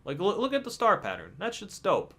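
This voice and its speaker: A man's voice: high-pitched, fairly quick. A young man talking casually about games in a vlog, swearing freely and stumbling over restarts. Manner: animated, profane, stumbling restarts. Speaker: gaming video creator. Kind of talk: casual gaming vlog commentary.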